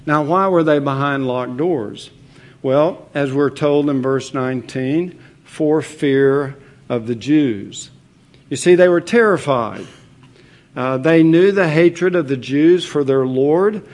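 A man preaching a sermon as pastor, measured and earnest, with the odd filler as he explains a passage. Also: on the high side, a little mellow.

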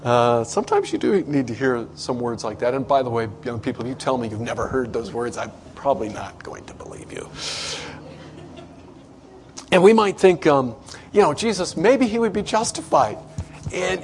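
A pastor delivers a conversational sermon to his congregation, acting out quoted voices with big pitch swings. There's slight noise in the background.

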